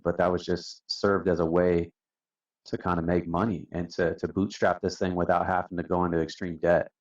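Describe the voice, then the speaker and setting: Interviewed on a podcast as a company founder, a man tells casual stories in a laid-back manner, peppering them with "man" and "dude." His voice is low and a little mellow, captured by a distant, dull-sounding mic.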